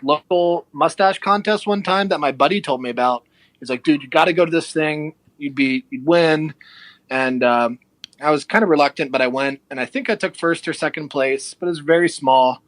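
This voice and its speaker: A young man speaks in a slightly high voice, close to a dry microphone. His story runs loose and chatty, and he jumps into the voices of the people he quotes. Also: no echo. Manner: animated, acts out quoted people. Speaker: podcast guest. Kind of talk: casual storytelling.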